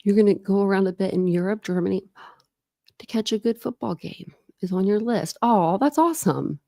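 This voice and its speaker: A woman's voice: mid-range voice, expressive, normal speed, vocal fry, dark tone, no room sound, clean studio sound. A woman in her thirties hosting a casual true crime livestream, chatting and greeting viewers by name.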